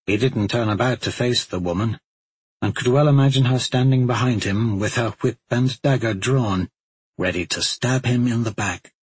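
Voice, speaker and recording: A man narrating a fantasy novel in a measured storytelling voice. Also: mid-range voice, breathy edge, no echo. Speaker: audiobook narrator.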